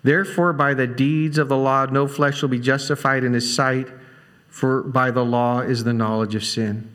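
A man's voice: mid-range voice, level tone, normal speed, fairly bright tone. A man preaching an expository Bible teaching, reading scripture aloud and then explaining it in an earnest, conversational way, repeating key phrases for emphasis. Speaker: pastor.

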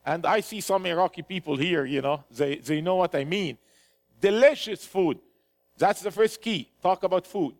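A man's voice: high-pitched, moderate pace. A man from Egypt with an Egyptian accent, giving a storytelling church testimony with frequent "you know" fillers. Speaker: ministry speaker.

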